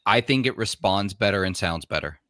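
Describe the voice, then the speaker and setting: A man's voice: deep voice, animated, brisk, a bit bright, no echo. Opinionated man, dry sound. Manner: emphatic, opinionated. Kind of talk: casual live podcast chat.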